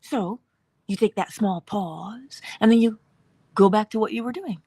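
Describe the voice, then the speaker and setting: A woman hosting a morning inspiration livestream, giving an animated spiritual talk and dropping at times into whispers. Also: mid-range voice, measured pace, husky, no echo. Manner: animated, acts out dialogue in voices, drops to whispers.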